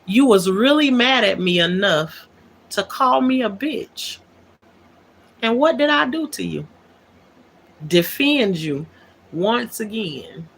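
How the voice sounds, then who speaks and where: A woman's voice: mid-range voice, expressive, slow pace, creaky, pauses often, a little hiss or hum. A woman hosting a livestream, talking things out in an aggrieved, emphatic way and repeating her key words. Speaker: livestream host. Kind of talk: unscripted livestream monologue.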